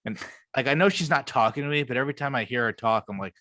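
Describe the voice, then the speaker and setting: A man's voice: mid-range voice, fast talker, pushed and bright. A young man co-hosting a podcast, talking in a loose, rambling way and swearing often. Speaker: podcast co-host. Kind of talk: casual chat.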